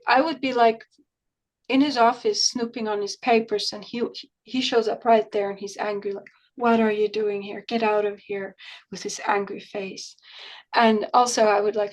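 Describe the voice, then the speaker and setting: A woman who works as a remote viewer, telling a story in conversation and acting out the dialogue in her own voice. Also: medium pitch. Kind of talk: conversational interview recounting an experience.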